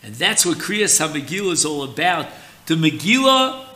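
A man giving a slow, deliberate Torah lesson on a holiday theme, speaking with an of terms. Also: a little high, big pitch swings, bright, forceful tone. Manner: slow, deliberate teaching, mixing Hebrew terms. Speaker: rabbi teaching Torah.

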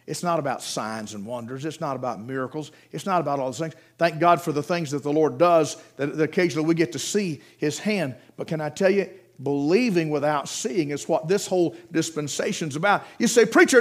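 A man preaching a sermon, telling Bible stories, acting out the quoted voices and dropping to a hush for emphasis. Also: a little high, fairly quick.

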